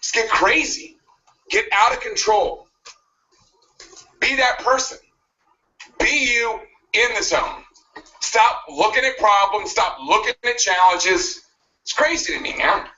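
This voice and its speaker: A man's voice: high-pitched, slow pace, pauses often, pushed and bright. A man giving a pushy motivational speech, cracking jabs and laughing at his own lines. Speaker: motivational speaker. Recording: muffled video played back from a distance.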